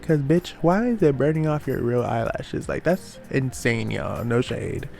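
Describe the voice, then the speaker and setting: A man's voice: mid-range voice, creaky, darkish tone, faint music behind. Sassy man recapping reality TV. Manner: sassy, slangy, quick asides. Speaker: reality show recap host. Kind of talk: casual recap commentary.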